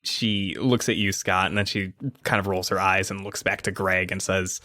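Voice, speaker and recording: A man's voice: low voice, little pitch movement, moderate pace, hardly any pauses, pushed and bright, dry recording, clean studio sound. A man narrating a tabletop game as game master in a casual, laughing way. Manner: casual, laughing, loose with filler "like".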